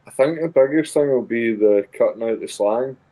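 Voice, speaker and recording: A Scottish man chatting calmly while playing a game with friends, explaining things in a measured way. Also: medium pitch, poor audio. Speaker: co-player. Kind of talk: casual gaming chat.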